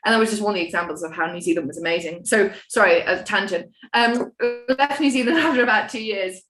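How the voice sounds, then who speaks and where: A woman's voice: mid-range voice, fast talker, a bit bright. A young woman from the United Kingdom, a podcast guest telling her story in a candid, rambling, self-mocking way and swearing now and then. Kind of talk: casual storytelling chat. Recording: roomy echo.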